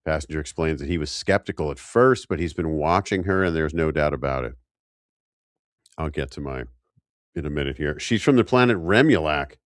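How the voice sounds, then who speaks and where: Deep-voiced man recapping a TV episode. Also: expressive, brisk, no room sound, studio quality. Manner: rambling recap with jokey asides. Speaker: podcast co-host recapping episodes. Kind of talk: casual chat.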